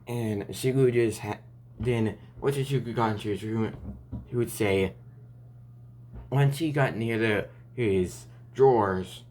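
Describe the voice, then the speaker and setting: A man's voice: on the low side, slow pace, darkish tone, a little hiss or hum. A man improvising a fan story aloud, rambling and restarting often between lines.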